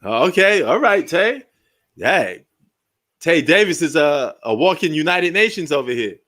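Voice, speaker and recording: New guy riffing through a live game breakdown, slightly high voice, chatty and laughing a lot. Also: very animated, unhurried, fairly bright tone. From New York. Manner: rambling, joking, laughs often. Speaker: sports live-stream host. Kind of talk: casual live game commentary and storytelling.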